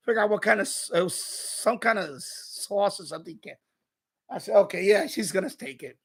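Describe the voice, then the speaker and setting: High, gravelly-voiced man ranting. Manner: animated ranting storyteller. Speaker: live stream host. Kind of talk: casual live-stream chat.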